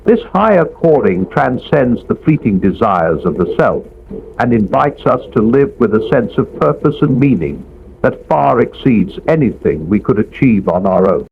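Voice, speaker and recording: A man giving a scripted devotional narration in a measured, reflective way. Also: mid-range voice, sing-song, gravelly, breathy edge. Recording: dull lo-fi audio with faint background noise.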